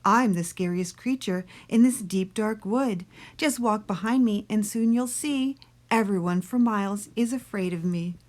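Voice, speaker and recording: A woman's voice: mid-range voice, measured pace, darkish tone, natural voice. A woman voicing a small, clever and cheeky male mouse in a storybook read-aloud.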